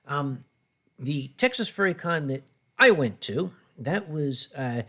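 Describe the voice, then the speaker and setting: A man hosting a casual drinking livestream talks bluntly and brashly. His voice sits fairly high and swings widely in pitch. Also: expressive, slow, sharp tone. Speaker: livestream host. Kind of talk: casual drinking-stream chat.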